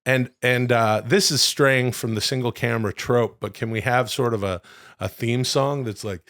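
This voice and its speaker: A man's voice: mid-range voice, fairly even intonation, moderate pace, fairly bright tone, no echo, studio quality. A man co-hosting a comedy podcast, rambling animatedly through wrestling talk and silly bits. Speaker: podcast co-host. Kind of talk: casual comedic chat.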